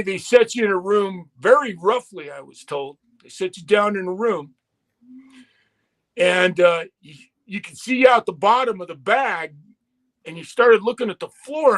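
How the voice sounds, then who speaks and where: A man's voice: high voice, a bit bright. A man telling a long, profane story in casual podcast chat, quoting people as he goes.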